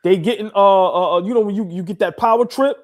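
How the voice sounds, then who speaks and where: A man's voice: high-pitched, quick pace, a little mellow. A man co-hosting a casual sports podcast, rambling with many restarts and repeated calls to listen. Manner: rambling, restarts a lot, says "listen" often. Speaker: podcast co-host.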